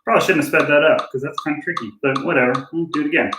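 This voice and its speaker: A man's voice: fairly high pitch, racing, heavy background noise. A man giving a casual drum lesson, thinking aloud and joking at his own mistakes. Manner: relaxed, self-deprecating, thinking aloud. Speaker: drum teacher. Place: room with drum kit and click track. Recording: roomy, with drumming and clicks.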